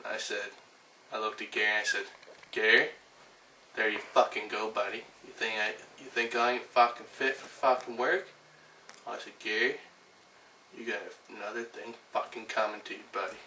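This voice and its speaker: Brief: man impersonating a profane, bragging chicken catcher, rough rant, roomy echo with faint background hum. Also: fairly low pitch, fairly even intonation, moderate pace, pushed and bright. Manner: profane ranting storytelling. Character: foul-mouthed rough male chicken catcher, boastful. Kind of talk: recited monologue impression. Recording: roomy, distant, faint ambient noise.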